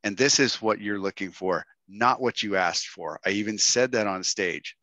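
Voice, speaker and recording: A man's voice: on the low side, normal speed, pushed and bright, dry recording, low-quality recording. A man telling a casual, joking story to an online workshop audience. He often tags lines with "right?" and "dude" and acts out other people's words. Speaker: guest speaker at an online workshop.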